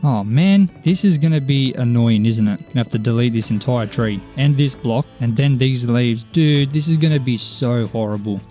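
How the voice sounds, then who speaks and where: A man's voice: medium pitch, dark tone. A young man giving chatty let's play commentary, talking to the game characters and joking at his own expense. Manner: chatty, talks to game characters, mild self-mockery. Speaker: gaming YouTuber.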